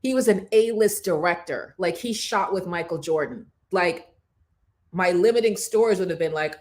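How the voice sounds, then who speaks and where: Lady hosting a morning show, fired up and preachy, kinda low voice. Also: normal speed. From Jamaica. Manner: emphatic, preacher-like, scripture-quoting. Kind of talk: motivational talk.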